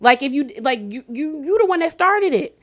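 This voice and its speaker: A woman recapping a reality show episode in a casual, slangy, animated way, full of "like" and "girl". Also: high-pitched, normal speed.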